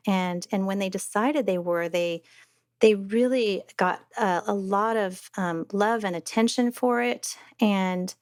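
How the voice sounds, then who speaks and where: A woman, a mother and podcast guest, telling a personal story in a halting way, with many restarts and fillers. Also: mid-range voice, darkish tone, dry recording, clean studio sound.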